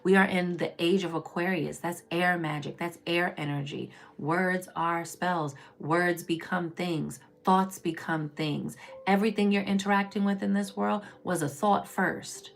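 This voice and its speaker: Low gravelly woman doing tarot readings. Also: steady tone, unhurried, few pauses. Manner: chatty and preachy, calls listeners baby and y'all; swings between loud emphatic bursts and low murmurs. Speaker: tarot reader. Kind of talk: casual spiritual reading on a live stream.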